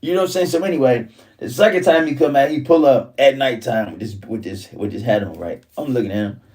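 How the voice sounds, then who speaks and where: A man telling a story in casual, profane street talk, his voice jumping up high whenever he quotes himself. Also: fast talker, darkish tone, far from the mic.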